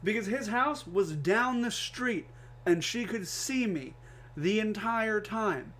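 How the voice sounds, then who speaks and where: A young man, a podcast co-host, telling a comedic story with animated delivery and swearing. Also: sits high, takes it slowly. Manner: animated, swearing, acts out quoted voices. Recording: faint background noise.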